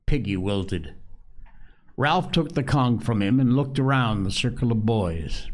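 A man narrating a novel aloud with a slow, deliberate, expressive delivery. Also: fairly low pitch. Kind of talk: audiobook novel reading.

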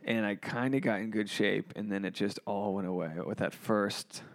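A man's voice: fairly low pitch, steady tone, moderate pace, creaky. A man hosting a podcast, telling jokey, profane stories in a rambling, casual way, recorded at a holiday resort. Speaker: podcast host, comedian.

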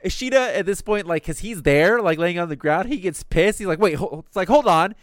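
Recapping anime episodes on a podcast, a man talks casually, swears freely and slips into the characters' lines in passing. His voice sits high and moves a little fast, captured in studio quality with no room sound.

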